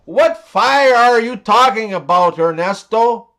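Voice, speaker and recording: A man's voice: sits high, expressive, takes it slowly, a bit bright, heavily acted. A man voicing a wealthy estate owner who grows more indignant with each answer. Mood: outraged. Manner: indignant, exclaiming. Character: rich male estate owner, easily outraged.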